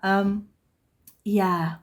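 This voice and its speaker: A woman's voice: mid-range voice, fairly even intonation, very slow. A woman in her thirties, a vlogger chatting casually and telling a family story with self-deprecating humour. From England. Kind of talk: casual chat.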